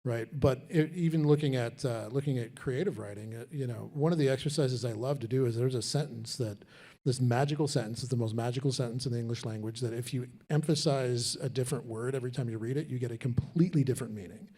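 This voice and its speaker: A man speaking on a college panel, animated, often repeating words as he starts a thought. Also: mid-range voice, fast. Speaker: panelist and moderator. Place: lecture room.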